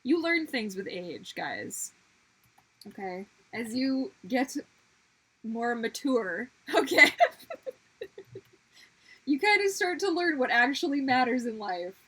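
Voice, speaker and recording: A woman's voice: high-pitched, very animated, unhurried, a bit bright, slightly rough, rough recording. A woman chatting casually to viewers while drawing on a livestream, chatty and exclamatory. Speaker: livestreaming artist.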